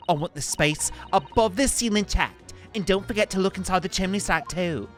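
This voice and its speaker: A man's voice: fairly high pitch, sing-song, measured pace, fairly bright tone, faint music behind. A man voicing a cheeky, tough young woman who talks in bossy street slang. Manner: slangy, scolding, drops grammar. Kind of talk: game voice-acting in a let's play.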